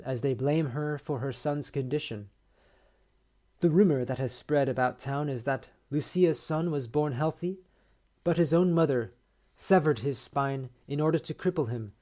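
A man podcast host reading a short story aloud in a measured, steady way. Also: fairly high pitch.

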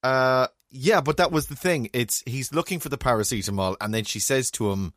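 A man's voice: mid-range voice, normal speed, a bit bright, no echo. A tired man hosting a podcast from a home studio, playful and teasing in casual chat. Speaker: podcast host.

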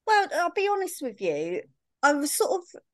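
Her pitch sits high and swoops wildly as a young Sussex woman, guesting on a podcast, spins chatty stories full of "like" and "I remember." She speaks at a moderate pace, and the studio recording is dry.

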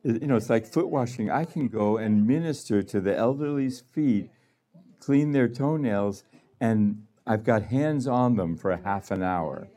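A man's voice: medium pitch, unhurried, dark tone. A man giving a conversational sermon to a gathering, laughing often and acting out little voices. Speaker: healing room director speaking.

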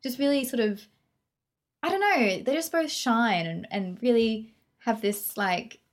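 A woman's voice: a little high, unhurried. A woman, chatting casually and animatedly about a film she loved. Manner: animated, chatty, laughs often. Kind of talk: casual film review chat.

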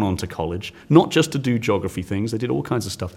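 A man in his forties from the United Kingdom, a science teacher telling stories as a guest in an interview, animated and laughing often. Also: lowish voice, fast, hardly any pauses. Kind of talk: storytelling in an interview.

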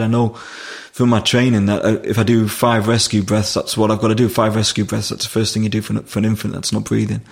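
Man, gravelly voice, flat delivery, emotional, halting, podcast guest. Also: lowish voice. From Durham, England. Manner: halting, emotional, many restarts. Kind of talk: personal storytelling in conversation.

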